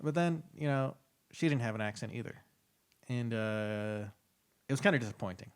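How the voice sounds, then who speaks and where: A man co-hosting a casual podcast, telling stories in a relaxed way and laughing often. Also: mid-range voice, moderate pace, clear, resonant tone. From San Diego area, California. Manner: laid-back storytelling, laughs often. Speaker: podcast co-host. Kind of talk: casual chat.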